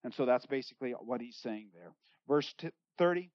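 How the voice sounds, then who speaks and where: A pastor preaching an expository sermon, reading scripture and explaining it in plain, conversational words, and acting out the quoted speakers with big jumps in pitch and loudness. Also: animated, a little fast, dry recording. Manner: conversational, paraphrases in everyday words. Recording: dull lo-fi sound.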